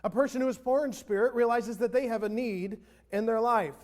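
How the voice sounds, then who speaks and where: High-voiced man preaching a sermon. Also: brisk, a little mellow. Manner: conversational, call-and-response with congregation. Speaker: pastor. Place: church sanctuary.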